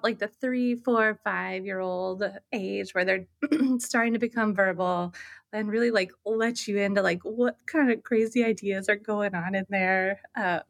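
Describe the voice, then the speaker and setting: A woman pediatric oncologist chatting as a guest, telling stories with lively acted-out dialogue. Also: medium pitch, gravelly, no room sound, studio quality. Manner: animated storyteller, acts out dialogue with laughs. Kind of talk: casual chat.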